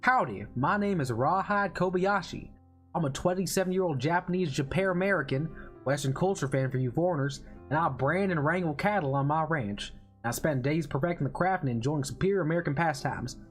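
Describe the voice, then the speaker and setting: A man putting on a boastful cowboy rancher voice, with a slow drawling delivery. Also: fairly high pitch, soft background music, natural voice. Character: boastful cowboy rancher man, eager fan of American culture.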